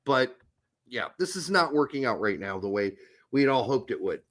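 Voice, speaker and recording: A man's voice: medium pitch, very animated, moderate pace, fairly bright tone. A man hosting a casual sports talk show, ranting in a heated, profane way. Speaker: podcast host.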